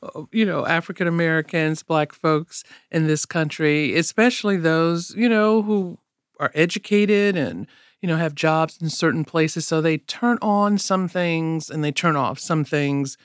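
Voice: mid-range voice, measured pace, clean tone, no room sound, studio quality. A radio co-host chatting with a guest, laughing easily and saying "you know" often. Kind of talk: radio conversation.

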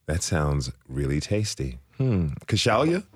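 A man's voice: rumbling low, big pitch swings, unhurried, husky, dry recording. A man hosting a radio interview show from a studio, upbeat and curious as he asks his guests questions.

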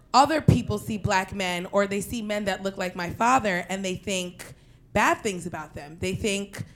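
A young woman from Queens telling a personal story in an animated, profane way, breaking into loud shouted quotes. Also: medium pitch. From Queens, New York.

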